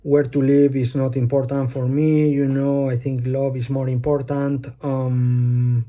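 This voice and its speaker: A man with a Spanish accent, a native Spanish speaker talking English, rambling through a personal vlog monologue with many pauses and fillers. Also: mid-range voice, flat delivery, mellow. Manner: hesitant, many fillers, loses his thread. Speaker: vlogger. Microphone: phone.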